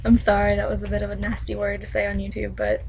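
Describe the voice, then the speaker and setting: A woman's voice: mid-range voice, completely flat delivery, fast talker, darkish tone, a little hiss or hum, poor audio. A young woman at home, ranting and gushing as she recaps a book chapter in a casual vlog.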